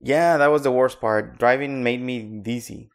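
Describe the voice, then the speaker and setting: A young man co-hosting a podcast, drowsy from medication, talking haltingly with lots of restarts. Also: medium pitch, steady tone, vocal fry. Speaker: co-host. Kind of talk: casual chat.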